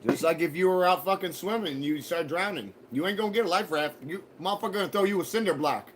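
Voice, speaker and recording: A male streamer talks casually to his chat, rambling and swearing, swinging between easy talk and mock threats. His voice sits a little high for a man. A faint hiss runs under the recording. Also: fast. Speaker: livestream host.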